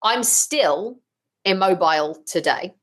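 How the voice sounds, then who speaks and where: A woman talking as a podcast guest, telling her story frankly and with lively, blunt humour. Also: mid-range voice, takes it slowly. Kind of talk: casual interview chat.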